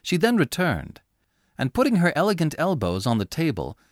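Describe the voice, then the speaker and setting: Man narrating a story, very lively voice. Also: a little high, normal speed, no echo, clean studio sound. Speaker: audiobook reader. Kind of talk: scripted narration.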